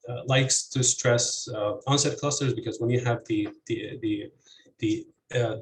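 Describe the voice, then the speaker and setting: A man giving an academic conference presentation, halting and full of fillers and restarts. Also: medium pitch, roomy sound, a little hiss or hum, rough recording. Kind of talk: academic presentation over video call.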